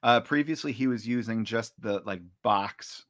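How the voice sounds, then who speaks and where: A man co-hosting a podcast, chatting casually, laughing often and describing comic strips out loud. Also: medium pitch, moderate pace, no echo, clean studio sound. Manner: laughs often, animated when reading. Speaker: podcast co-host. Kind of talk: casual chat, reading comic strips aloud.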